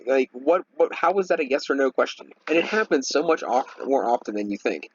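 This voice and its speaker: A man's voice: mid-range voice, animated, a little fast, muffled recording, slight background noise. A young man giving casual gameplay commentary while ranting in an irritated, rambling way, full of "like" fillers. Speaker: Let's Play commentator.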